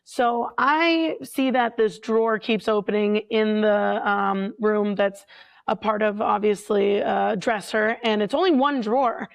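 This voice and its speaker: A woman telling a story in a chatty, animated way as a paranormal investigator guest, full of filler words. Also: medium pitch, measured pace, vocal fry. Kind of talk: casual storytelling.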